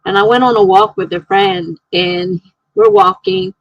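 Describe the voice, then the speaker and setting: A woman live-streaming from home, chatting casually, reading viewer comments aloud and telling excitable stories. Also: medium pitch, a little slow, muffled recording.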